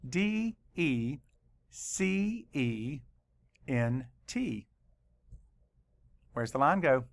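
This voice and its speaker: A male teacher leading a spelling lesson for children, spelling words slowly letter by letter and adding dry asides. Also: mid-range voice, very animated.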